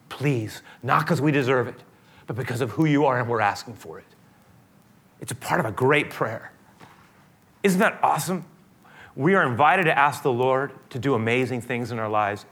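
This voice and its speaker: A man preaching a sermon and then leading a prayer, earnest and emphatic, moving from loud, stressed preaching to a hushed, gentle prayer voice. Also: mid-range voice. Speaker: pastor.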